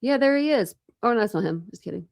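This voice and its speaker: Woman, casual chatty host, rambling, gravelly voice, dry sound. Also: a little high, animated, fast, a little mellow, no echo. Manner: rambling, chatty, laughs often, coos at pets. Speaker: true crime channel host. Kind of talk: casual livestream chat.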